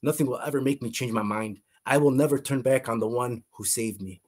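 A man with a husky, slightly rough voice tells a personal faith testimony as an interview guest. His delivery is earnest and fervent, circling back on words and phrases as he searches for what to say. His pitch sits in an ordinary middle range. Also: brisk. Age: adult. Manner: earnest, fervent, often repeats words and restarts.

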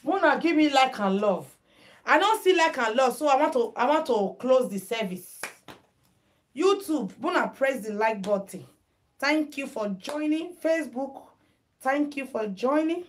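A woman's voice: high voice, expressive, a little slow. A Nigerian woman hosting a live headwrap tutorial stream, chatting casually with viewers and mixing in Pidgin. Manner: chatty, mixes Pidgin, greets viewers by name. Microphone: phone.

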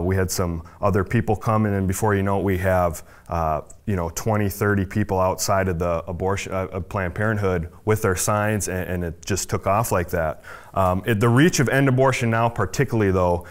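A man giving an earnest personal testimony in a ministry talk, with frequent fillers and restarts. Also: lowish voice. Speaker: ministry leader.

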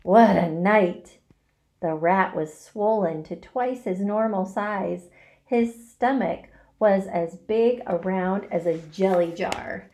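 A woman teacher reading a children's novel aloud, expressive and dramatic. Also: medium pitch, slow. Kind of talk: storybook read-aloud.

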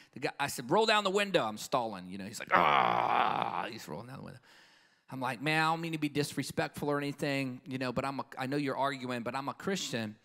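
A man delivers a live conference sermon as an evangelist, telling stories with emphasis and calling for an amen from the audience in the hall. His voice is mid-range and slightly bright.

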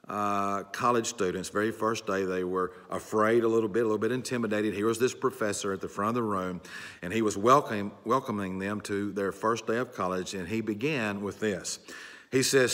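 A man's voice: mid-range voice, brisk, fairly bright tone. A man preaching a sermon in an earnest way, repeating his key phrases. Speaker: pastor. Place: church sanctuary. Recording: long church hall reverb.

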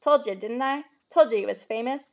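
A woman reading aloud and voicing a big, good-natured giant of a man who talks loudly and folksily. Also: very high-pitched, fairly quick, creaky, highs cut off. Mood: hearty. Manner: loud, hearty and folksy.

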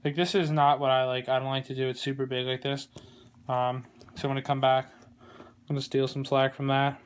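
A man giving a casual how-to tutorial on a glove, relaxed and rambling, with plenty of fillers and small jokes. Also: mid-range voice, brisk, clear, resonant tone. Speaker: glove maker demonstrating lacing. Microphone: phone camera.

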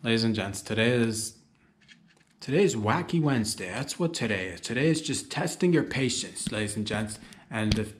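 A man's voice: medium pitch, lively intonation, normal speed, echoey room. Rambling man hosting a comedy podcast. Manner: rambling, jokey, talks straight to listeners. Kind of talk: rambling solo comedy monologue.

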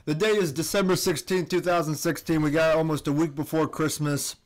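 A young man with a slightly high voice chatting as a podcast guest. He rambles, cracks jokes and lets sentences trail off quietly. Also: fairly even intonation, a little fast. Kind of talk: casual chat.

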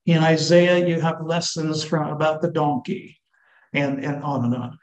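A man giving an earnest, teacherly church talk to married couples, slowing down to stress key words. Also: a little high, little pitch movement. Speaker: lecturer on marriage and scripture. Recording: echoey hall.

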